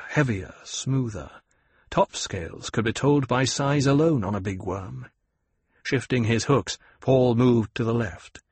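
Casting note: male audiobook narrator, husky tone, dry close recording. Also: mid-range voice, no room sound. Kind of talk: scripted narration.

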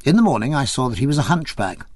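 Man narrating an audiobook, lively pitch, dry close recording. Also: quick pace, dry recording.

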